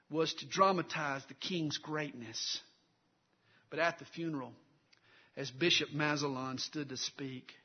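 A male pastor preaching a sermon, telling stories dramatically and swelling loud before dropping low. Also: breathy edge, highs cut off.

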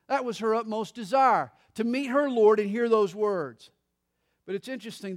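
A middle-aged man, a pastor, preaching a sermon with dramatic pauses and touches of humor. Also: high-pitched.

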